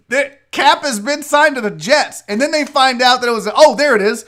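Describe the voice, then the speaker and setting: A man's voice: very high voice, normal speed. A man hosting a live sports talk show. He chats casually, jokes, and reads messages from viewers aloud. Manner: loose, joking, reads chat messages aloud; slips into a put-on Southern gentleman drawl. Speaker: sports radio host.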